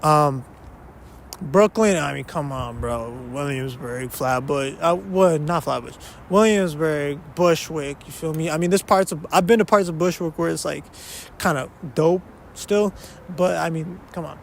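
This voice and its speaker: A man's voice: a little high, a little slow, creaky, a little hiss or hum. A young man hosting a podcast in casual solo chat. He rambles, cuts himself off, swears and slips between English and Spanish. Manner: rambling, self-interrupting, sprinkles in curse words. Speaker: podcast host. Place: a spot in an uptown neighborhood of a big city.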